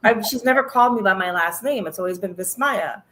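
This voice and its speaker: A woman guest on a panel tells a personal story in a relaxed, chatty way. She gets animated and acts out the people she quotes. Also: mid-range voice, brisk. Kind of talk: storytelling in casual chat.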